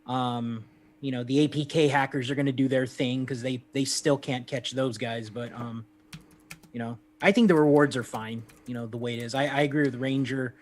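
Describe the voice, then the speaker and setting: A man's voice: medium pitch, fairly even intonation, normal speed. A man co-hosting a casual gaming stream, talking in a laid-back way with lots of fillers and repeats. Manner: laid-back, hesitant, filler-heavy, calls people man.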